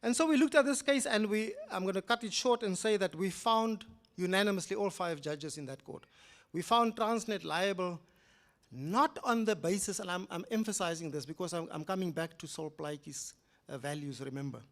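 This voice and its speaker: An older man with a South African accent giving a public lecture, telling a case as a story, swinging between loud emphatic rises and quiet low asides. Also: moderate pace. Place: lecture hall.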